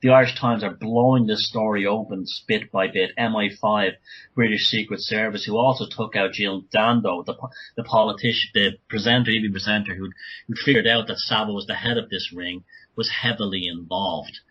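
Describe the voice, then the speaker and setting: A man talking as a guest author on a podcast interview, speaking urgently in rapid bursts with many restarts. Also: fairly low pitch, steady tone, husky, muffled recording.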